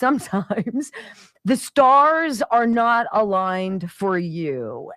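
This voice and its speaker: A woman in her fifties hosting a radio show, telling stories in a chatty, animated way. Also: medium pitch, no echo, studio quality. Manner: chatty, animated storytelling with sound effects and laughs. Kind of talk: casual monologue. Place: radio studio.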